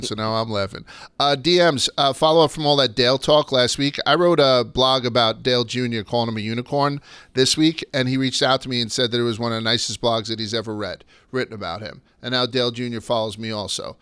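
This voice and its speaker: A man with a bright, forceful voice hosts a laid-back podcast and spins stories with plenty of swearing. His delivery is clean and crisp, recorded close and dry with no room sound. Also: mid-range voice, no room sound. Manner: loose and swearing, storytelling. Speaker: podcast host. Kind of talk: casual podcast chat.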